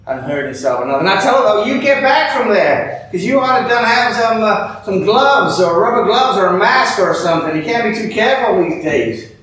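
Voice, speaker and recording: An actor playing an older, bigoted night-shift cook who tells a rambling, folksy story in a drawl, captured on an echoey stage from afar. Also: male voice, high voice, animated, moderate pace, hardly any pauses, a bit bright, recorded from a distance. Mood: grumbling. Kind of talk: theatrical monologue.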